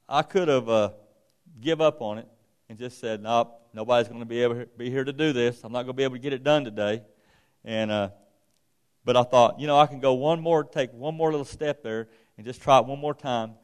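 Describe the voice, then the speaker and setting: A man preaches in a plain, folksy way, drifting into a long personal story full of restarts. His voice sits at an ordinary middle pitch for a man. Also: smooth. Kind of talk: informal sermon with personal story.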